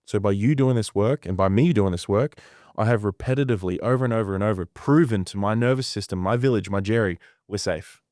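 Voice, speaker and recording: Intense male coach with a lowish voice, emphatic and profane, telling stories on a podcast. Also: brisk, darkish tone, dry recording, clean studio sound. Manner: intense, emphatic, heavy swearing. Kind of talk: conversational podcast storytelling.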